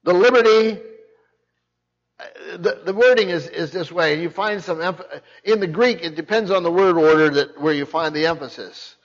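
An older pastor preaches with a fairly high voice, pressing his points hard and circling back over his words as he goes. The recording sounds muffled and low-fidelity. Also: moderate pace. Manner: repeats words and restarts, emphatic. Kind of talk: sermon.

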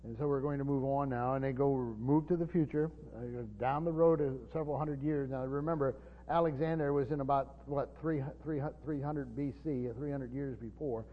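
A man preaching an unscripted Bible teaching in a church hall, halting and repeating words with many fillers. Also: medium pitch, fairly even intonation, slight background noise. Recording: long reverb, dull lo-fi sound.

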